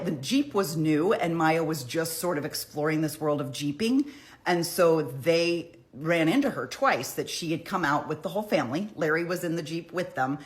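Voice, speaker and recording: A woman giving a casual, chatty recap of a criminal trial, retelling courtroom exchanges with emphatic quoted lines. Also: deep voice. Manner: chatty, conversational, with frequent "like" asides. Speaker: true crime commentator.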